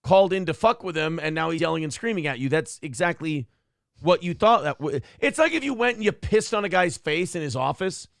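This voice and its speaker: A man hosts a talk show in blunt, profane, ranting commentary. His voice is gravelly and sits a bit high. The sound is dry and close. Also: expressive, brisk, a bit bright, no echo. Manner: blunt, ranting, mocks others with put-on voices. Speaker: morning show co-host.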